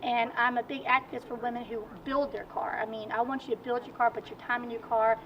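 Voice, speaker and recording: A woman's voice: fairly high pitch, fast. Chatty woman racer, distant outdoor mic. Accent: Virginian. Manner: chatty, animated storytelling. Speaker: guest, amateur racer. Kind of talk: casual interview chat. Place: outdoors at a car show. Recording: distant mic, dull sound, faint noise.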